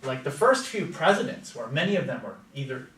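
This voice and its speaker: A man's voice: mid-range voice, very animated, a little fast, fairly bright tone, a little hiss or hum. A man with an American accent teaching a classroom lecture, chatty and stopping often to ask his students questions. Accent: General American. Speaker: language teacher. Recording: echoey classroom from far off.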